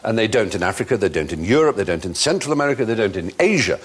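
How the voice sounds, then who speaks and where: A man hosting a comic panel quiz show in a studio, telling stories in a lively, animated way. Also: fairly low pitch, very fast, breathy edge. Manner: animated storytelling, puts on squawky hen voice in jokes. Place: TV studio with audience.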